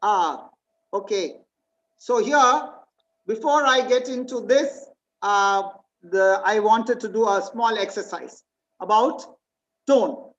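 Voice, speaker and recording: A woman's voice: mid-range voice, slow pace. Woman running a webinar, asks the audience stuff, sound a bit dull. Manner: quizzes listeners, reads out slide points. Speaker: webinar presenter. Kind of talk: interactive online presentation.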